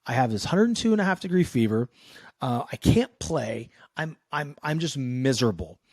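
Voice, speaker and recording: A man in his thirties from Northern California tells a story on a podcast with casual swearing and lively voices for the people in it. His voice sits at a middle pitch and is recorded dry and close, with no room sound. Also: normal speed, no echo. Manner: animated, loose and profane, acting out quoted exchanges. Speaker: podcast guest, sales coach.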